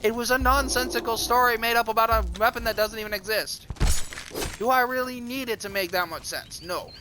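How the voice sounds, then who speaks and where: A streamer telling a crude, rambling, self-mocking comic story. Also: male voice, very high voice, brisk, background noise.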